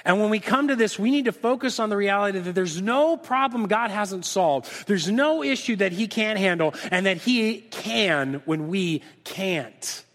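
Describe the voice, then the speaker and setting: A middle-aged male pastor preaching a sermon, acting out lively back-and-forth dialogues with God. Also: sits high, a little slow, hardly any pauses. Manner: animated, acts out dialogue with God in different voices. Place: church sanctuary. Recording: reverberant church hall.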